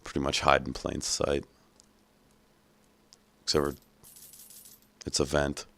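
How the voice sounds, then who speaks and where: A man's voice: extremely low pitch, completely flat delivery, slow pace, creaky, a bit bright, no echo. A man hosting a gameplay walkthrough, talking casually with profane jokes. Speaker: gaming channel host. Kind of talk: gameplay commentary.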